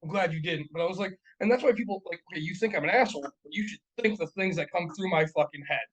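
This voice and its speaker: A man co-hosting a casual podcast, with a voice set somewhat high. He talks bluntly and swears freely. He rambles along, tossing in "like" and "right?" as he goes. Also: very fast, fairly bright tone, husky, poor audio. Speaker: podcast co-host.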